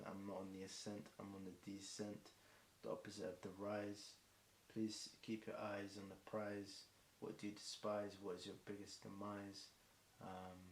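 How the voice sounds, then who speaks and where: A British man improvising a long stream of rhymes, rambling off the cuff with frequent ums. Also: fairly low pitch. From Britain. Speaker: freestyle rapper. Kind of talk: long improvised freestyle rhyming. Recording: echoey room with faint hiss.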